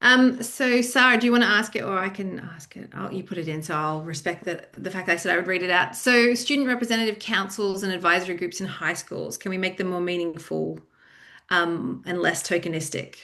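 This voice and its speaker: A woman hosting an online panel, reading out questions with playful, quick humor on a video call. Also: on the low side, bright, forceful tone. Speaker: host, researcher.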